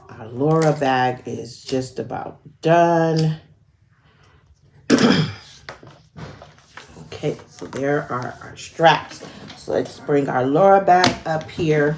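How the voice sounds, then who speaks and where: A woman with a low, gravelly voice walks through a sewing project step by step, in a casual tutorial style. She talks at an unhurried pace and thinks aloud, often pausing on small fillers. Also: a little mellow, a little hiss or hum.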